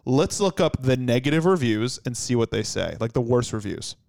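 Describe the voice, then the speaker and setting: A man's voice: mid-range voice, very animated, normal speed, gravelly, darkish tone, no room sound. A young man co-hosting a casual chat, crude and joking, mocking bad restaurant reviews. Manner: crude, joking, reads reviews aloud with mock outrage.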